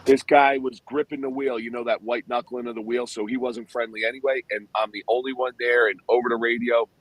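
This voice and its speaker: A man's voice: medium pitch, level tone, brisk, no room sound, poor audio. A man, a police officer and co-host, telling a story in a casual, wryly humorous way.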